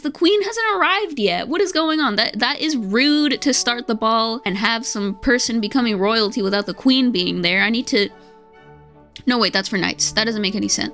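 A woman YouTuber giving casual gameplay commentary, bubbly and excitable, often breaking into squealing exclamations. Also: fairly high pitch. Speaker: gaming YouTuber.

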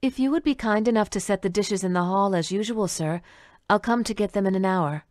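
A woman reading an audiobook, voicing a young waitress who speaks politely, her voice husky from nerves. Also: medium pitch, a little fast, darkish tone, no echo, clean studio sound, natural voice. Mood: polite, nervous.

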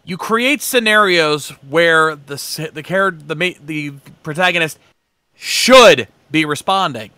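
A man joining a casual discussion, his slightly high voice bright and lively. He stumbles over his opening words before landing his point firmly. The recording is dry. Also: measured pace, smooth, no room sound.

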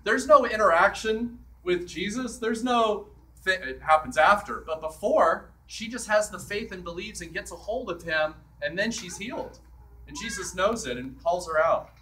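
A man's voice: high-pitched, moderate pace, bright, forceful tone, far from the mic, slight background noise, low-quality recording. A man preaching a sermon as a priest in a church, in a conversational way that acts out the scripture quotes.

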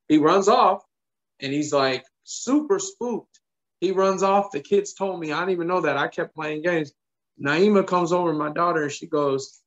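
A man preaches in a storytelling sermon. His voice sits a little high for a man, and he quotes each person in turn, repeating his points for emphasis. The recording sounds somewhat dull and muffled. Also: moderate pace. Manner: animated, quotes people in dialogue, emphatic repetition.

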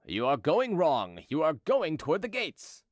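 A man's voice: fairly high pitch, wildly swooping pitch, measured pace, no room sound, studio quality. A man voicing an officious provost. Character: officious male provost, suspicious.

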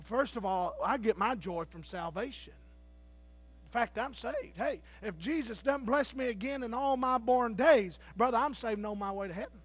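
A man preaching a Baptist sermon from the pulpit with a strikingly high voice. He tells his stories by acting out the people in them and bursts into shouted, jubilant praise. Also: moderate pace. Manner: acts out the characters in his stories. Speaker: pastor. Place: church sanctuary.

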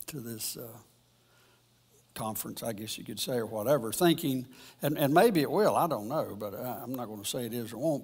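A man giving an informal Bible lesson at church, rambling and halting, often restarting his sentences. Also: mid-range voice, slightly rough. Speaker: church teacher.

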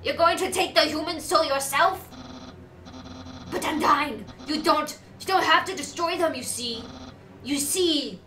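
A woman puts on a bright, loud skeleton guard who talks with eager, theatrical bravado. The sound is roomy and a bit distant from the mic, with a faint hiss behind it. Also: sits high, unhurried, voice pushed up. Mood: pleading. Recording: echoey room, distant mic, faint noise.

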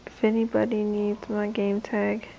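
A young woman chatting casually on a late-night livestream, drowsy and slow, her voice low and gravelly tonight. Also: completely flat delivery, mellow, highs cut off, slight background noise.

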